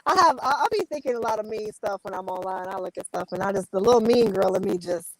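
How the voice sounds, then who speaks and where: A woman's voice: medium pitch, lively intonation, fast talker, dry recording, low-quality recording. A woman comedian guest chatting playfully from her car on a headset, laughing often. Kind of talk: casual chat over a video call.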